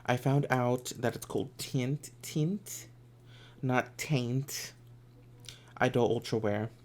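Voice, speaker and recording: A makeup vlogger with a mid-range, darkish voice talks slowly through a casual makeup tutorial. His delivery is campy and sassy, with occasional whispered asides, and there's slight background noise.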